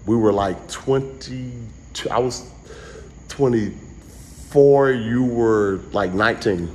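A man's voice: medium pitch, slow pace, a little mellow, slight background noise. A man doing a casual live-stream comedy rant, rambling and jumping between jokes and asides.

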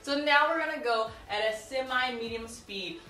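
A woman's voice: a little high, moderate pace, bright, forceful tone. Woman coaching martial arts in an echoey room. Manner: counts out moves and cues students; chatty, laughs and jokes with viewers. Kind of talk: instructional tutorial. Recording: echoey room, mic at a distance, faint music.

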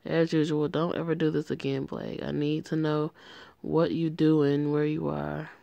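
A woman's voice: deep voice, level tone, normal speed, vocal fry, dark tone, no echo, dull audio. A woman voicing a worried young woman friend who scolds sternly, as she reads a story game aloud. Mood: scolding.

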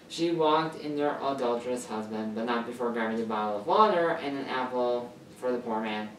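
A woman's voice: rumbling low, brisk, few pauses, far from the mic. A woman reading a first-person story aloud, stumbling over words and correcting herself as she goes. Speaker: story reader. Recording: echoey room, off-mic, faint hiss.

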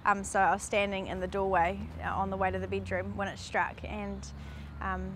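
A New woman, a reporter, recounting events in a measured, plain way. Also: mid-range voice, little pitch movement, a little hiss or hum. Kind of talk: documentary interview recollection.

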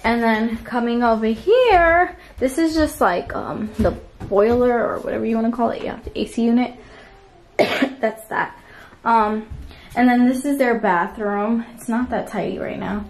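A woman's voice: on the high side, measured pace, slight background noise, rough recording. A woman giving a casual tour of her home, filming on a handheld phone and rambling with ums and small laughs. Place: home apartment, indoors. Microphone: handheld phone camera while walking.

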